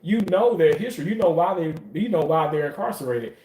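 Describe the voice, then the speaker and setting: A man talking in a casual monologue about his work in surgery, animated, profane and emotional as he tells stories. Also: on the high side, brisk. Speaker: surgical staff commentator. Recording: roomy echo.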